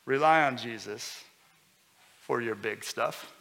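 A man preaching a sermon as pastor, conversational and lively, with sudden loud bursts. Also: medium pitch, slow pace, gravelly. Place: church hall. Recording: long hall reverb.

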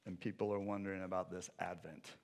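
A male pastor preaching a sermon in a conversational way, moving between loud urgency and quiet intensity. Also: deep voice, flat delivery, brisk.

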